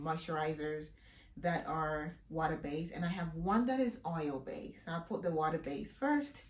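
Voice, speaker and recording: A woman from Africa talking casually on her vlog, telling a story with emphatic delivery and then walking through a hair-care routine. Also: lowish voice. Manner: emphatic, expressive storyteller who acts out quoted voices. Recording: roomy echo.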